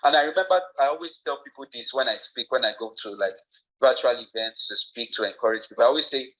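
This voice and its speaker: Nigerian man, podcast guest, earnest and reflective, mid-pitched, slightly muffled audio. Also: quick pace. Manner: earnest, reflective, many fillers and restarts. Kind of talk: personal story told in conversation.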